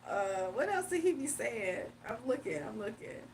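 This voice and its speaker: A woman's voice: fairly high pitch, big pitch swings, moderate pace. Playful laughing streamer woman from Virginia. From Virginia, USA. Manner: laughs often, loose and playful. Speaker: livestream host. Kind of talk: casual livestream chat reading comments. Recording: mic a bit far off, faint room noise.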